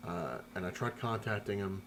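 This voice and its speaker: A man's voice: low-pitched, moderate pace, background noise. A man talking casually to the camera at home, loose and chatty, often repeating himself as he rambles through his vlog. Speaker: collector vlogger showing his haul. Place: apartment at home.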